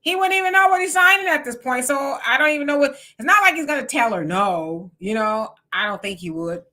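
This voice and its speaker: A woman's voice: sits high, a little fast. A woman hosting a live stream, chatting casually, reading viewer comments aloud and laughing often. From Texas. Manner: animated, laughs often, greets viewers by name.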